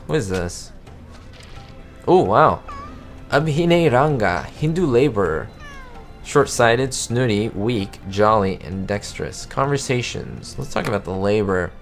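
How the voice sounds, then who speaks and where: A man giving excitable, easily amazed commentary as he plays a video game. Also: mid-range voice, unhurried, soft background music. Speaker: gamer.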